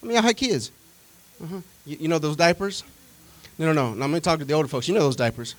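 Animated male preacher, folksy and conversational, who keeps questioning the congregation. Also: fairly high pitch, very fast, low-quality recording. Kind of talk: sermon.

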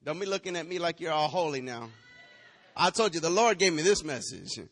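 High, bright-voiced male preacher chanting. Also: lively intonation, fairly quick, big-room sound. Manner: rhetorical questions, playful scolding, slips into sing-song chant. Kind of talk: sermon. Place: church.

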